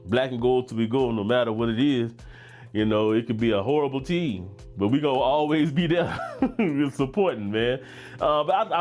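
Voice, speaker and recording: A middle-aged man with a Louisiana drawl, relaxed and talkative, hosting a fragrance livestream at a medium pitch. His voice comes with faint music playing underneath. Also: moderate pace. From Baton Rouge, Louisiana. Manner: laid-back, chatty, reads chat comments aloud with frequent laughs. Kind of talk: casual livestream chat.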